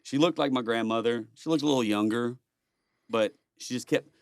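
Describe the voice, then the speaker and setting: A man's voice: medium pitch, moderate pace, smooth, no echo, studio quality. A middle-aged man, a podcast guest, telling personal stories in a rambling, earnest way with blunt swearing. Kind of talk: casual storytelling conversation.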